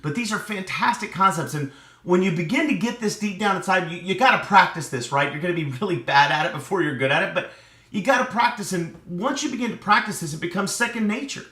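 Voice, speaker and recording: Animated, bright-voiced man teaching. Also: high-pitched, fast. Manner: animated, with rhetorical "right?" checks. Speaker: sales and relationship coach. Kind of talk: teaching talk to camera. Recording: echoey room.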